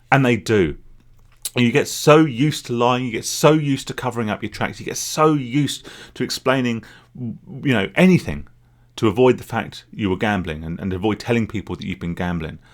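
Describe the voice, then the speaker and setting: A man speaking candidly in a rambling, confessional solo vlog about his past as a gambling addict. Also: on the low side. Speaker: vlogger, former gambling addict. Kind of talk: reflective solo vlog monologue.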